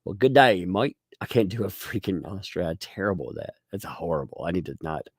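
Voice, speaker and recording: A man hosting a casual livestream, talking in an animated, rambling way with many restarts while reading viewer donations. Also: deep voice, fast, breathy edge, no room sound, studio quality.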